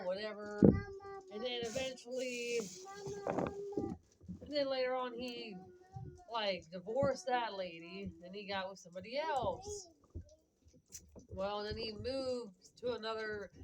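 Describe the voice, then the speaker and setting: A woman telling a long personal story in a casual, rambling way, full of "like" and "whatever" and quoted back-and-forth. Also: a little high. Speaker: vlogger. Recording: loud background clicking noise.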